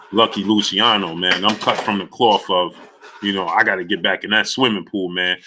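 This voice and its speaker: A mumbling male athlete posing as a street tough, dropping his voice low and stalling on every word, as a man mocks him on a live stream. The delivery drags with hesitant fillers. It sounds bright and forward despite the dropped pitch. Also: slight background noise. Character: adult male star athlete mumbling tough-guy talk.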